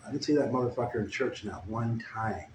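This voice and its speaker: A man telling a crude, meandering comic story with deadpan asides. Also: mid-range voice, a little fast. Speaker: comedic storyteller. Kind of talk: rambling improvised comic story. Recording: echoey room with faint ambient noise. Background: guitar playing.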